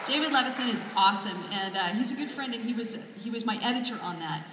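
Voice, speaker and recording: A woman's voice: on the high side, animated, fast talker, pushed and bright, a little hiss or hum. A woman author giving a comic keynote speech, wry and self-deprecating with punchy jokes. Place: large hall. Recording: echoey hall from far off, crowd. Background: audience laughter.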